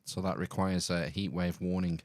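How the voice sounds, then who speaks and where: Laid-back lower-voiced Lancashire man. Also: fairly even intonation, moderate pace, a little mellow, dry recording. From England. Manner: laid-back, laughs easily. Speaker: podcast host. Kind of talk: casual video-call chat.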